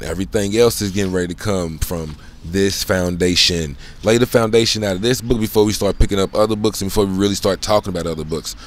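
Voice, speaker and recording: Low-voiced man rambling casually. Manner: rambling, loose slang, frequent "you know what I'm saying"; profane, conversational. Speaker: solo channel host. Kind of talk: casual spoken monologue.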